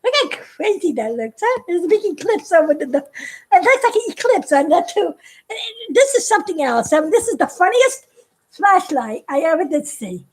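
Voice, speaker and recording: Very high, giggly woman. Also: moderate pace. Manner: giggly, laughs constantly, excitable. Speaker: animator showing her work to fans. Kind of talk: casual home vlog chat. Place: her home, indoors.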